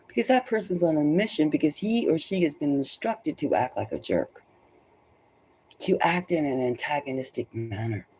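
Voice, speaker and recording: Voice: mid-range voice, expressive, normal speed, mellow, slightly rough. A tarot reader giving rambling spoken commentary, emphatic and loose, often repeating phrases for stress. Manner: loose and conversational, many restarts.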